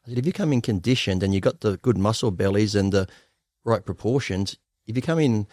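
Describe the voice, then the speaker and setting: Guest: fast, low-voiced Australian man, blunt and profane, dry close mic. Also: a little mellow, no echo. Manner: blunt, profane, laughs often. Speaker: guest bodybuilder. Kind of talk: candid storytelling interview.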